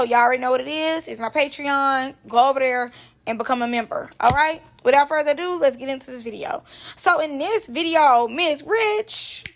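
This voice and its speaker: Gravelly, high-voiced woman vlogger. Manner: animated, slangy, chatty. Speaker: YouTuber recapping reality TV. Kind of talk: casual commentary vlog.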